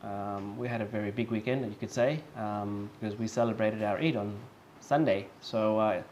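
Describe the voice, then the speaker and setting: A man teaching English, speaking slowly and patiently, repeating example words several times and checking in with "okay?" often. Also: lowish voice, steady tone, a little mellow, muffled recording, slight background noise. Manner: slow and patient, with many fillers and checks of "okay?". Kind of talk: online lesson.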